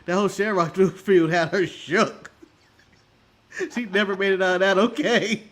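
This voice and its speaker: Excitable guy co-hosting a wrestling chat, really high voice, bouncing all over the place, laughs a ton. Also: a little slow. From United States. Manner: excitable, laughs often, animated. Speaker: co-host. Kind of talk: casual wrestling recap chat.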